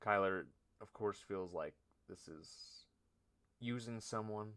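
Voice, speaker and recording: A man streamer improvising a story aloud, halting and nervous, often trailing off and poking fun at himself. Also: lowish voice, a bit bright, clean tone. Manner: halting, nervous, self-deprecating.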